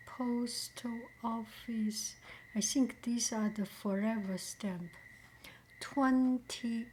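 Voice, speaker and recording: A woman who speaks slowly and gently, often half-whispering, as she opens and reacts to fan mail in an unboxing vlog. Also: on the high side, a little hiss or hum, low-quality recording. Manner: slow, gentle, often whispering, easily moved. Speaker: vlogger opening fan mail. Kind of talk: soft-spoken unboxing vlog.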